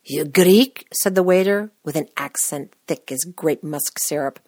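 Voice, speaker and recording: Brief: wry woman host reading her own story, slightly low voice, dry close-miked sound. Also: moderate pace, a little mellow, no echo. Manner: wry, self-deprecating humor. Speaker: podcast host. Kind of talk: scripted personal narration.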